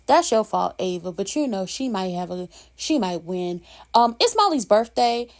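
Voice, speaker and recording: A woman's voice: mid-range voice, big pitch swings, moderate pace. Sassy lady ranting about soap episodes, slangy and emphatic, plain mid voice. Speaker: soap opera recap host. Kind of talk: casual opinionated recap commentary.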